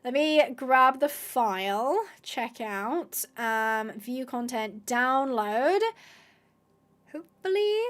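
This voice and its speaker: Woman, high voice, gaming host, chatty, excitable, thinks aloud, talks to viewers. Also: extremely slow, hardly any pauses. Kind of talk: casual gameplay commentary to viewers.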